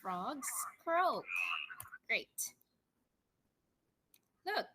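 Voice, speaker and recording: A woman teaching English words to children and reading them a story, prompting slowly and repeating each word. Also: high voice, very animated, background noise. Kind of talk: vocabulary lesson and storytelling for children.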